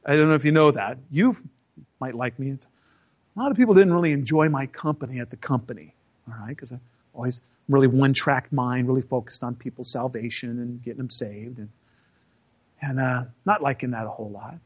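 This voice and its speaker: A man casually telling a story from his working life, acting out both sides of the arguments with lively emphasis. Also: medium pitch, a little fast, breathy edge. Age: 30s or older. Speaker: storyteller recounting a job. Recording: dull lo-fi recording.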